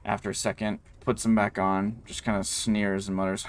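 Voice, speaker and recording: A man's voice: on the low side, level tone, normal speed. A man running a tabletop game as game master, narrating in a loose, rambling way full of ums and likes.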